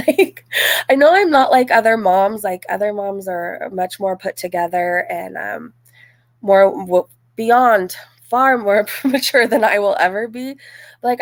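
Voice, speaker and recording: A woman's voice: medium pitch, creaky, no echo. A woman in her forties hosting a casual live stream, reading chat messages and talking them over in a loose, chatty way full of "like" and "um". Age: 40s. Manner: chatty, frequent "like" and "um", laughs easily.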